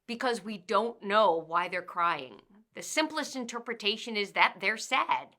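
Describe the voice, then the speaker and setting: Bright-voiced woman explaining workplace advice. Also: mid-range voice. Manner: measured, explanatory delivery with listed points. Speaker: workplace communication trainer and author. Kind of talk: instructional narration.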